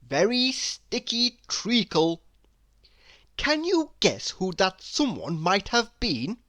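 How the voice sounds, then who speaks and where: A woman reading a children's picture book aloud, in an expressive storyteller manner. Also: mid-range voice, no room sound. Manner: expressive, animated reading with slow pacing.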